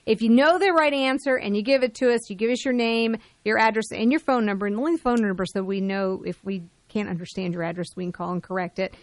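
A woman's voice: medium pitch, fairly even intonation, quick pace, hardly any pauses, dry recording. Chatty woman radio co-host. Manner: chatty, laughs often, teasing. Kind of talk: casual radio chat.

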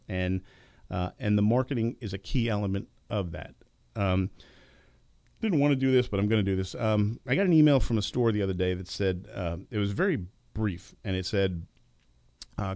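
A man's voice: fairly low pitch, moderate pace, creaky, a little mellow, dry recording. A middle-aged man hosting a business talk radio show, giving an emphatic, lecturing monologue into a studio microphone.

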